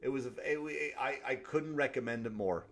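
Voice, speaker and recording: A man hosting a comedy podcast, ranting alone in a profane, animated way. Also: mid-range voice, moderate pace. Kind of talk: solo comedic rant.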